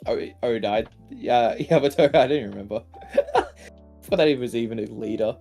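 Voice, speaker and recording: A man's voice: mid-range voice, moderate pace, gravelly, warm tone, soft background music. A tired man co-commentating a card game stream, joking silly and laughing constantly. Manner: giggly, silly, keeps laughing at his own jokes. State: tired after a long day. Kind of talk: casual stream banter.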